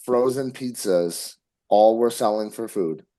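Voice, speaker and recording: A man's voice: lowish voice, a little slow, warm tone. A man co-hosting a casual podcast, cracking jokes and moving the conversation along. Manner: joking, steers the talk. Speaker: podcast co-host. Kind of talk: casual chat.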